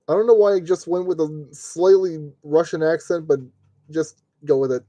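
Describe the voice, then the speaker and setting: A man with a mellow, darker tone keeps up a running commentary while he streams a model kit build. He grumbles at fiddly parts and jokes to himself as he works, in the loose way of a live stream. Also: a little high, a little slow, no room sound. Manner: grumbling, joking self-talk while working.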